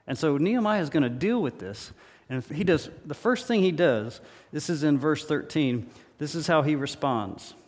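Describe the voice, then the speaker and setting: A pastor delivering a sermon in a church, emphatic and repetitive, with humorous stories. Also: male voice, a little high, expressive, moderate pace. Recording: reverberant hall.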